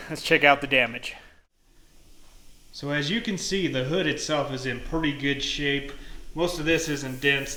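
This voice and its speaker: A young man casually hosting a hands-on car restoration vlog from his home garage, explaining his steps in a relaxed, joking way. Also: medium pitch. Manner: chatty, jokey, relaxed explaining. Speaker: host of a car restoration channel.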